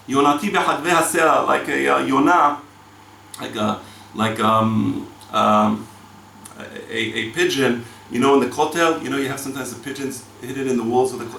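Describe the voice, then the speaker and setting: A man teaching a Torah lecture as a rabbi, animated and chanting verses between his explanations. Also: medium pitch, gravelly, a little hiss or hum. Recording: echoey room, mic from far off.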